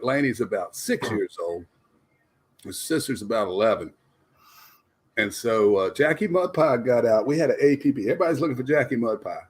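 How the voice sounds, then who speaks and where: Guy on a couch panel telling kid stories, kinda husky, voice jumps all over. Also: mid-range voice. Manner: animated, laughing while telling stories. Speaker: panelist parent. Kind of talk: casual storytelling.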